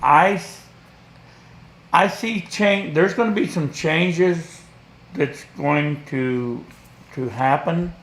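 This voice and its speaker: A man from Kentucky answering interview questions slowly and haltingly, often repeating words. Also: on the high side, a bit bright. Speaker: parishioner and guest. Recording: echoey room.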